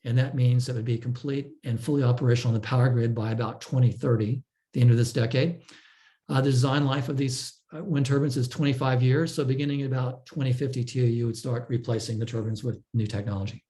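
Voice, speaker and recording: A man gives a technical presentation in a warm, mellow voice at a middling pitch. He explains step by step in a measured way, often pausing on fillers and restarting his sentences. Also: fairly even intonation. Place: online talk.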